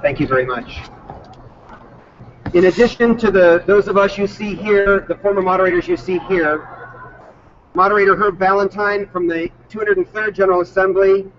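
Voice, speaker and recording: Man hosting a press event, fairly high voice, brisk and businesslike, muffled sound. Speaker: moderator of the press conference. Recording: dull recording with faint noise.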